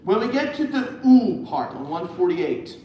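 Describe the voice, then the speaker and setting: Choir director singing lines in an echoey room. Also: male voice, high voice, big pitch swings, moderate pace, warm tone, highs cut off, a little hiss or hum. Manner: coaching, sings phrases to demonstrate. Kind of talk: choir rehearsal instruction. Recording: echoey, far from the mic, with music.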